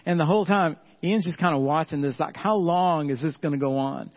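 A middle-aged man, preaching a sermon earnestly and slowing down and softening on key points. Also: on the high side, muffled recording. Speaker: pastor.

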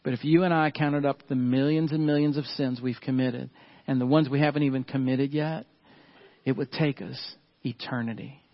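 A middle-aged man, preaching a sermon earnestly and slowing down and softening on key points. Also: medium pitch, fairly even intonation, muffled recording. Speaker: pastor.

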